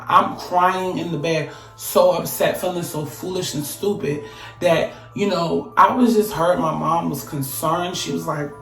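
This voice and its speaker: A woman recounting a personal story in a casual, profane, emphatic way, her voice often climbing loud. She sits a little back from the mic in an echoey room with faint music behind. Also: fairly low pitch, a little slow, recorded from a distance. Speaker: vlogger.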